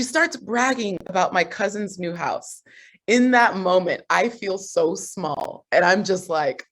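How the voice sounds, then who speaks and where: A woman coach telling a personal story on a group video call, animated and laughing often. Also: mid-range voice, a little slow. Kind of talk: motivational group call talk.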